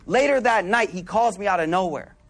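A high-pitched man delivers a sermon as a casual story. He talks in an animated, street-casual way and often sinks into hushed, soft-spoken asides. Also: a little fast. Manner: animated, conversational, drops into quiet soft asides. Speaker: preacher.

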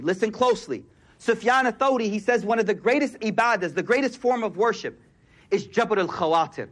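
A man's voice: high voice, a bit bright. A man preaching a sermon in a casual, slangy way, repeating key phrases for emphasis. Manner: casual, street-slang delivery with emphatic repetition.

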